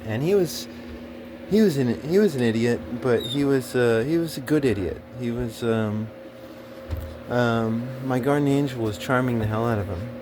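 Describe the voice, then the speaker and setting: A man's voice: medium pitch, moderate pace, noisy background. Rambling, profane man telling a story. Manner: rambling, profane, many fillers and restarts. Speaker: storyteller recounting a personal experience. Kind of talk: casual monologue.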